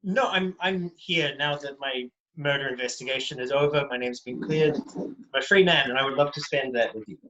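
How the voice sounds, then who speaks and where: A playful man chatting on a video call, joking and teasing the others. His voice sits at an ordinary middle pitch. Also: normal speed, bright, forceful tone, lo-fi sound. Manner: playful, teasing, puts on silly phrases. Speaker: viewer joining a video call. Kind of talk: joking casual chat.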